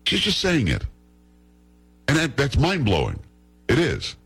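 A man's voice: mid-range voice, wildly swooping pitch, measured pace, gravelly, a bit bright, slightly rough, poor audio. A male talk radio host delivering an opinionated, combative monologue with a scornful, emphatic manner.

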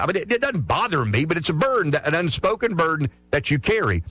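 A man's voice: fairly high pitch, sing-song, fast talker, hardly any pauses, fairly bright tone. Passionate rural Southern radio man. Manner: passionate, emphatic, repeats words as he builds his point. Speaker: radio host. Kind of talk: morning radio talk.

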